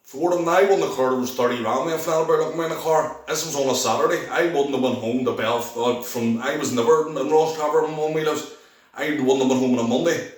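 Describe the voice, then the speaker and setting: A man's voice: medium pitch, quick pace, very echoey, far from the mic, low-quality recording. A man with a Belfast accent telling his personal testimony in a rambling way, restarting often and acting out the voices of the people he quotes. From Northern Ireland. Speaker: testimony speaker.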